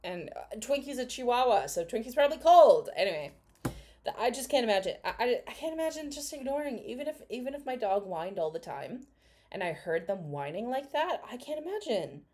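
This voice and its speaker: A woman's voice: a little high, very animated, fairly quick, darkish tone. A woman in her thirties chatting casually while reacting to a video, blunt and sarcastic, swearing and laughing often. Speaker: commentary vlogger.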